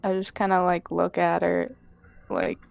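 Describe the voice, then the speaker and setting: A woman's voice: lowish voice, little pitch movement, measured pace, creaky, muffled recording, slight background noise. A woman playing a tabletop game, speaking in a hesitant, unsure way. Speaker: player. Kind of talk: casual tabletop play.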